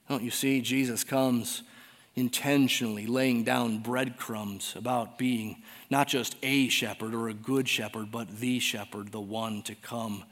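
A man preaching a sermon, reading scripture aloud with drama and swinging between loud exclaiming and hushed near-whispers. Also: mid-range voice, big-room sound. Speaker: pastor.

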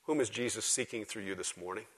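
A man preaching a sermon to a church congregation, swinging from loud, emphatic exhortation to quiet, intimate asides. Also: fairly low pitch, fast talker. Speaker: pastor. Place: church service before a congregation.

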